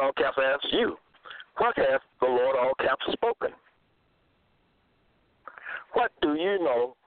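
A man's voice: mid-range voice, no room sound. A man giving a Bible teaching monologue, asking his listeners question after question and repeating himself. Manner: repetitive, asks listeners rhetorical questions. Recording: dry, phone-like lo-fi audio.

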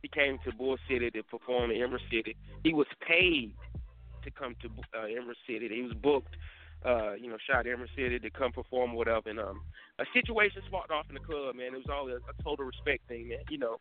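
A man hosting a live morning web show, telling a story in a casual monologue, animated and full of slang, often asking "you feel me". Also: mid-range voice, fast. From Durham, North Carolina. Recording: tinny phone-like audio with faint music.

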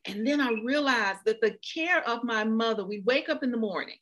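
A woman's voice: fairly high pitch, lively intonation, brisk, fairly bright tone. A middle-aged woman speaking as a guest, telling her own story earnestly and acting out quoted voices. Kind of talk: heartfelt interview talk.

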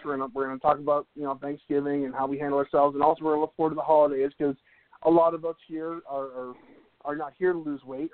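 Guy hosting live radio, kinda high voice, jokey and rambly, sounds like a tinny phone line. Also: no room sound. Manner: jokey, rambling, with many fillers. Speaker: radio show host. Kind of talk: casual live radio talk.

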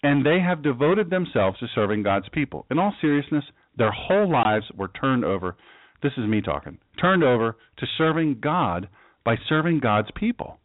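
A man's voice: mid-range voice, big pitch swings, normal speed, no room sound. A man giving a casual, folksy Bible teaching as pastor, with joking asides. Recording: dry, tinny phone-like sound.

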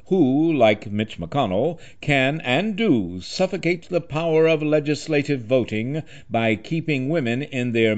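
A man hosting a talk radio show, reading a scripted political commentary in an impassioned, rhetorical way, building long lists. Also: medium pitch.

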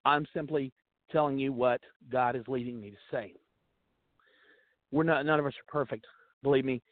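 A man's voice: medium pitch, normal speed, dry recording. A man speaking as a guest on faith talk radio, earnest and pleading, sharing an emotional testimony. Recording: tinny phone line.

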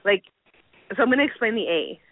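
A woman's voice: fairly high pitch, sing-song, a little fast, no echo. Giggly Canadian woman on a phone line. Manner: giggly, lots of "like" fillers. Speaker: guest. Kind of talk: casual phone interview.

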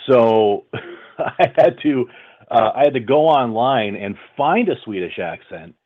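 A man's voice: mid-range voice, lively intonation, slow. A man who works as a voice-over artist, talking casually in an interview with many fillers and restarts. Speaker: voice-over artist, audiobook narrator. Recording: tinny phone-like line.

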